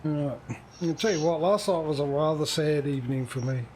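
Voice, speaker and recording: A man's voice: a little high, a little fast, a little mellow, a little hiss or hum. A man streaming a game, chatting casually and joking at himself while he plays. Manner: chatty, self-mocking, talks to himself while playing. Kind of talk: casual gaming livestream chat.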